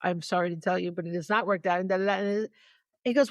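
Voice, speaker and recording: A woman's voice: on the low side, fairly even intonation, fast, no room sound. A woman co-hosting a podcast in casual chat, telling a story with energy and acting out both sides of the phone calls as she goes. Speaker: podcast co-host.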